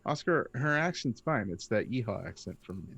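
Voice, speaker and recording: Lively, joking man player. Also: on the low side, normal speed, gravelly, slightly rough. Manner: joking, banters with the others. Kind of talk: casual chat.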